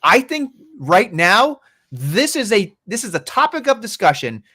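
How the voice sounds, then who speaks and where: A man's voice: sits high, sing-song, unhurried, sharp tone. A man co-hosting a podcast, chatting casually about wrestling in a rambling, profane way. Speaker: podcast co-host.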